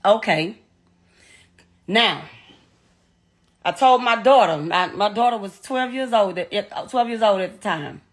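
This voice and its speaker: Blunt middle-aged woman, raw retelling. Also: medium pitch. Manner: blunt, profane, halting retelling. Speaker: mother telling her story. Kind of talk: emotional first-person account.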